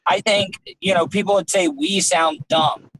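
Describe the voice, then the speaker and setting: A man's voice: sits high, steady tone, unhurried, a bit bright, dry recording, rough recording. A man from the United States, hosting a podcast interview and stumbling through long, rambling questions. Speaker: podcast host.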